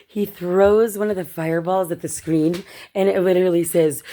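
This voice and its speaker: A woman's voice: low voice, brisk, dark tone. A woman vlogger telling a personal story casually to her viewers, chatty and swearing, often laughing and calling them "you guys.".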